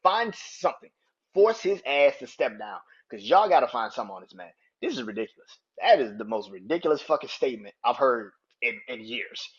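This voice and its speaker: A man's voice: medium pitch, very animated, brisk, hardly any pauses, breathy edge, muffled recording. A man hosting a sports podcast, ranting in a heated, profane, incredulous way. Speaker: podcast host. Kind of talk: sports opinion rant.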